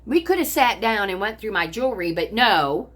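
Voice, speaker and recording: This older woman from the US has a mid-range, sing-song voice at normal speed and a touch of brightness. At home looking out on a pond, the vlogger delivers a bitter, cursing rant to her phone camera about her family.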